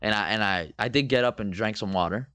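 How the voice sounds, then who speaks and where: A young man co-hosting a podcast, telling a story in casual chat, animated and swearing freely as he acts out scenes. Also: on the low side, brisk, clear, resonant tone, no echo. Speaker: podcast co-host.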